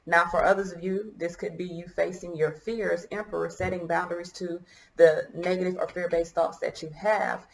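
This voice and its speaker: A woman's voice: lowish voice, little pitch movement, moderate pace, roomy sound, low-quality recording. A woman giving a casual tarot reading to her viewers, musing and hesitant as she thinks aloud, choked up and coughing at times. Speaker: tarot reader.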